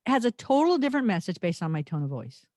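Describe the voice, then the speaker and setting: Thoughtful woman podcast host, emphatic delivery, lower voice, close and dry. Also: big pitch swings, fast, warm tone, dry recording. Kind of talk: reflective podcast conversation.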